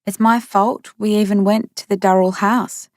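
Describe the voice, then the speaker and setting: A woman's voice: mid-range voice, steady tone, normal speed, no echo, studio quality, pitched above the performer's own voice, lightly acted. A woman voicing a distressed, angry young woman who speaks urgently. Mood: remorseful. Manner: urgent, emotional.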